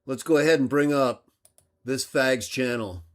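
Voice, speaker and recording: A man hosting a livestream, delivering an aggressive rant that swings between loud outbursts and low muttering. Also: a little slow. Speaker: livestream host.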